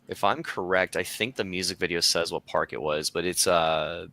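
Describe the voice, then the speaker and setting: A man's voice: low-pitched, moderate pace, bright, forceful tone, no room sound. A man guesting on a casual music podcast, friendly and a bit rambling as he tries to remember details.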